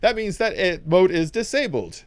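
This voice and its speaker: A man's voice: sits high, big pitch swings, normal speed, dry recording, voice pushed up. A man voicing a polite, formal talking smart gun that speaks to its owner. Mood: chirpy.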